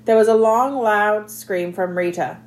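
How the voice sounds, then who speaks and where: A woman narrating a children's novel aloud in an expressive, scripted reading. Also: medium pitch, unhurried. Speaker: audiobook narrator.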